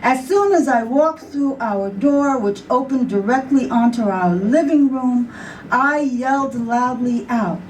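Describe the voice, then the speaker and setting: Slow, high-voiced New York poet, storytelling live, mic some distance away with faint room noise. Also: female voice, darkish tone. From New York City. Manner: storytelling with acted voices and laughter. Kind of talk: live poetry reading. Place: bar with live audience.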